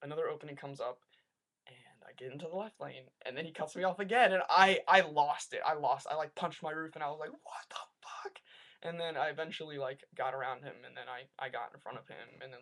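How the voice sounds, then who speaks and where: A young man telling a rambling story to his webcam, animated and full of "like", in a casual vlog. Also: mid-range voice, fast, gravelly. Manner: rambling, animated rants with lots of "like". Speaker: vlogger.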